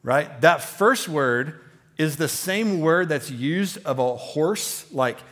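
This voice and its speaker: A man preaching a sermon as pastor, talking conversationally with many fillers and restarts, growing animated as he goes. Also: a little high, takes it slowly.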